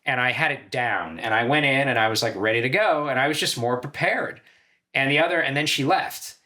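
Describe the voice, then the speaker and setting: A male comedian guesting on a talk show and telling stories in an animated, casual way. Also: mid-range voice. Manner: animated storytelling, quick asides. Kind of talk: casual interview chat.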